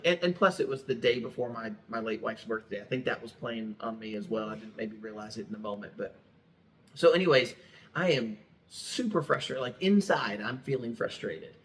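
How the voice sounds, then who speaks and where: Casting: middle-aged male pastor, podcast co-host, direct and candid, quick to laugh, mid-range voice. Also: medium pitch, a bit bright. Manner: straightforward, laughs easily, storytelling. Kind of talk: casual chat.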